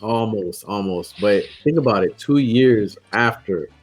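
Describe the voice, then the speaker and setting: A man's voice: lowish voice, lively intonation, a little slow, husky. A man co-hosting a casual podcast, talking loosely and repeating his words as he goes. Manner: rambling, repeats himself. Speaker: podcast co-host. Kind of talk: casual chat.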